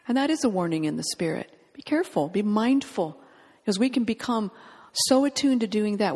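A woman's voice: medium pitch, darkish tone, breathy edge, big-room sound. A woman preaching a fervent, emphatic sermon, reading scripture aloud and urging her listeners on.

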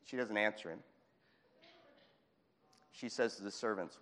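A male preacher delivering a lively sermon. He acts out Bible scenes and chuckles between points. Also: on the low side, measured pace, long reverb tail.

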